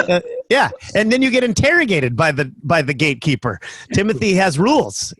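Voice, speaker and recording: A man's voice: high-pitched, very animated, fairly quick, a bit bright, breathy edge, dry recording. A man in his fifties doing a stand-up comedy set over a video call, telling jokey stories with lots of fillers. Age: 50s.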